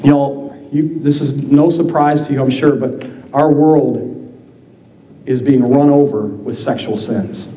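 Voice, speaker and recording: A man's voice: mid-range voice, fairly even intonation, takes it slowly, a little hiss or hum. A man preaching an impassioned sermon, acting out the scripture as he goes. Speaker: pastor. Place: church sanctuary. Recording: roomy, slightly dull church sound.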